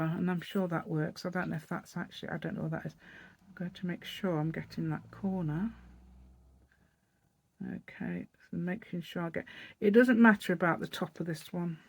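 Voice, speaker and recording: With a lowish voice and an East Midlands English accent, a woman hosting a craft channel demonstrates a paper craft step by step, rambling chattily and thinking aloud as she works. A slight hiss or hum runs under the recording.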